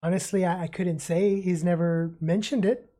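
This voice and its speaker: A woman's voice: lowish voice, steady tone, moderate pace, mellow, close to an everyday voice. A woman doing a worried, snippy mother. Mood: distressed. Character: worried mother of three, wife of missing man.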